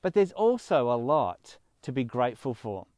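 A man preaching a sermon in a steady middle register, earnest and emphatic. His voice is close and dry, with stressed words lifting in pitch and volume. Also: normal speed, no echo. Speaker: pastor.

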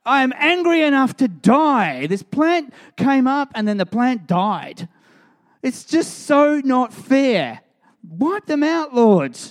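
A preacher whining as a petulant Jonah. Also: male voice, big pitch swings, takes it slowly, heavily acted. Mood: sulky whining. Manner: high, sulky, whining. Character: whiny petulant grown man Jonah, childish. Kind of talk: sermon storytelling.

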